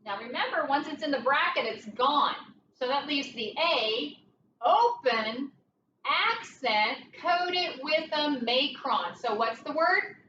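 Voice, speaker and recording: A woman teaching a phonics lesson, slowly working through each word aloud and thinking it over as she goes. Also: high voice, animated, sharp tone. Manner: slow, deliberate, thinking aloud. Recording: dull, roomy, distant mic with faint noise.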